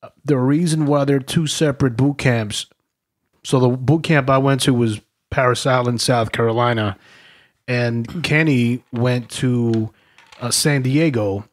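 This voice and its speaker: A man's voice: mid-range voice, steady tone, measured pace. A man hosting a casual podcast, asking his guest questions and explaining background for the listeners. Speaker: podcast host.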